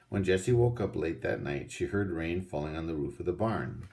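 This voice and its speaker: A man reading a children's storybook aloud in a steady, unhurried way. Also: sits low, creaky. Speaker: audiobook reader.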